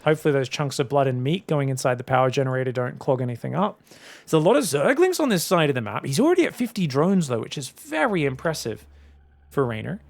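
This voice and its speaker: A man casting a strategy game match solo, excitable and chatty, often calling out to his viewers. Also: medium pitch, quick pace, creaky. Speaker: esports caster.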